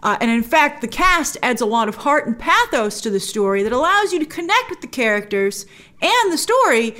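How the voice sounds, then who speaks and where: A woman giving a casual film review to camera, chatty and animated, acting out her own reactions. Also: sits high, moderate pace.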